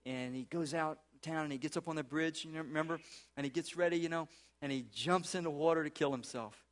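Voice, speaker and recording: A man's voice: fairly high pitch, fairly quick. A middle-aged man preaching a sermon as a pastor in a church, earnest and conversational, with restarts and casual asides. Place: church sanctuary.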